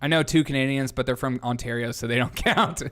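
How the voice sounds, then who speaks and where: A man's voice: medium pitch, brisk, a bit bright. A man hosting a casual comedy news livestream, rambling, laughing often and reading chat aloud. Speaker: host.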